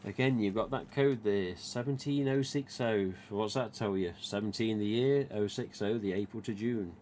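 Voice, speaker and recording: A man's voice: lowish voice, normal speed, a little mellow, a little hiss or hum. Chatty English Midlands man livestreaming. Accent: English East Midlands. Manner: chatty, rambling, retells dialogue. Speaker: live stream host, mask collector. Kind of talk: casual live stream chat.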